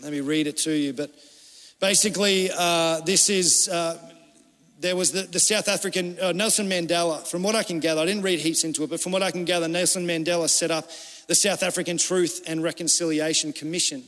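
Male pastor, high-pitched voice, passionate sermon, long hall reverb. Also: fairly even intonation, a little fast. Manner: impassioned preaching, swinging from urgent cries to hushed pleading.

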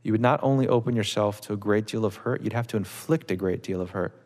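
A man voicing a calm, careful male therapist in plain dialogue during a reading. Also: on the low side, quick pace, close to an everyday voice. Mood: measured. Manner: plain, lightly voiced dialogue. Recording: long reverb of a large hall.

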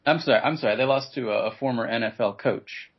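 A man with a husky, mid-pitched voice throws in quick comic asides during loose sports chat. The recording is dull and lo-fi. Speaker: podcast co-host. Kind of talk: casual comedic sports chat. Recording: dull lo-fi podcast audio.

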